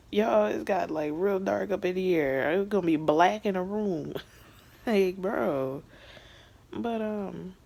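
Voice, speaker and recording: Speaking slowly in a medium-pitched, gravelly, somewhat mellow voice, a young TV show reviewer goes over an episode in a relaxed vlog. The delivery is emotional and chatty, packed with fillers and occasional whispered asides.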